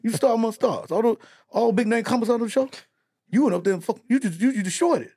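Loud repetitive hype man, pitched well up, put on by a man telling a story. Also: quick pace, husky, heavily acted. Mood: hyped. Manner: excited, repetitive shouting. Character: loud hype man boasting about a young comic.

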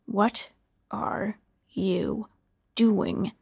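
Woman putting on a low, breathy murderous man. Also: lively intonation, measured pace, in a whisper, full character voice. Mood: baffled. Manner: low hushed breathy menace. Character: cruel murderous adult man, menacing and cold.

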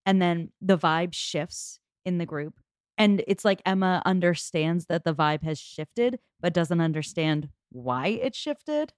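A woman on a podcast, chatting casually with wry, quick asides. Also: on the low side, expressive, no room sound, clean studio sound. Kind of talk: casual chat about a TV adaptation.

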